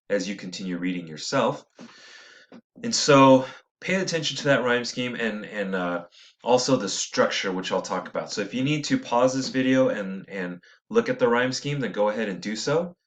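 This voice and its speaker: A man teaching a poetry lesson, reading lines slowly with stressed syllables and thinking aloud with small self-corrections. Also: medium pitch.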